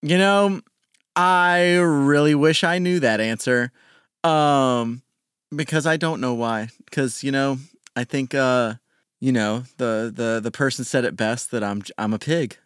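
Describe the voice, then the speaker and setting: A man playing in a tabletop role-play game, talking in a halting, hesitant way with many fillers. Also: mid-range voice, fairly bright tone, smooth, no echo, studio quality. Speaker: player.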